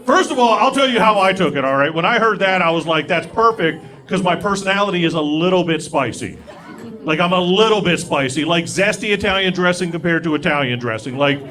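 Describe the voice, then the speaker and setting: A young man doing a stand-up set on a comedy club stage with an animated, self-mocking delivery. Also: high voice. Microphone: stage mic. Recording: live club recording with crowd. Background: audience laughter.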